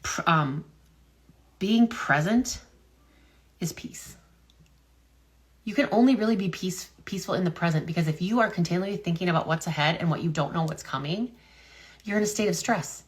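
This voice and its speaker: A woman with a slightly low voice talks straight to her viewers in a loose, casual vlog. She rambles and thinks out loud, full of "um"s and restarts. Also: fairly quick. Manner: rambling, wonders aloud, many fillers and restarts. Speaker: health and business content creator. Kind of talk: casual talk-to-camera vlog.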